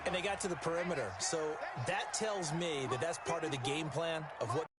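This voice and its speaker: Man, football color analyst, slightly high voice, explanatory tone, loud stadium noise. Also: a little fast. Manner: explanatory, talking through strategy.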